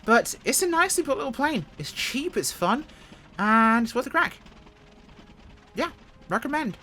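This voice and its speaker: A woman's voice: high voice, very animated, normal speed, pushed and bright, faint music behind. A woman at home giving casual, joking, self-mocking commentary as she reviews a flight sim.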